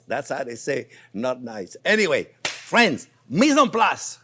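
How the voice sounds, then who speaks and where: A man from Provence with a French accent, hosting a chatty, animated cooking demonstration in his kitchen and talking to viewers as friends. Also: medium pitch, takes it slowly, slight background noise. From Provence, France. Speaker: cooking show host. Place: home kitchen in Florida.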